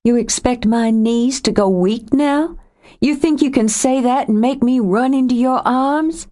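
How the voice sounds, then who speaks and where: A woman voicing a hurt young woman who confronts her lover in a sharp, raised, accusing voice in an audiobook. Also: fairly high pitch, unhurried, voice pushed up, natural voice. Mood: hurt, angry. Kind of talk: audiobook character voice.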